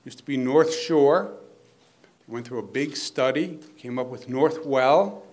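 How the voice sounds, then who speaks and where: A man's voice: medium pitch, slow pace, a little mellow. A man speaking as a governor at a hospital event, talking off the cuff with teasing jokes and earnest praise. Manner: joking, teasing asides mixed with earnest praise. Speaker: state governor giving a speech. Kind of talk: off-the-cuff public speech.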